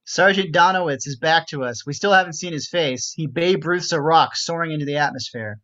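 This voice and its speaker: A man's voice: a little high, a little fast, bright, forceful tone. Man reading stage directions, lo-fi. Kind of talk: script reading narration. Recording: dull lo-fi recording.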